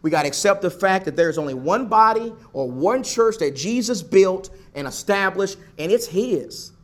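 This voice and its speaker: A man preaching a sermon, building emphasis through repeated phrases. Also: high-pitched. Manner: emphatic, repetitive preaching cadence.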